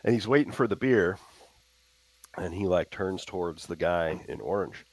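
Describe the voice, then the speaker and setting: Hesitant male tabletop player, low voice, halting delivery. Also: dry recording. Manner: hesitant, many fillers. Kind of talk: tabletop role-play.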